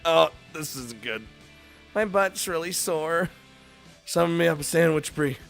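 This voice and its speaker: A man's voice: fairly high pitch, expressive, measured pace, creaky, a bit bright, soft background music, pitched above the performer's own voice, full character voice. A man voicing a whiny, complaining young woman.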